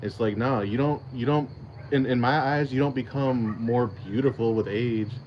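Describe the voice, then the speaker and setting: A man's voice: medium pitch, normal speed, lo-fi sound, slight background noise. A man hosting his own channel, chatting casually and rambling through a story with lots of swearing, restarts and laughter. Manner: rambling, profane, laughs often. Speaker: channel host. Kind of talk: casual livestream chat.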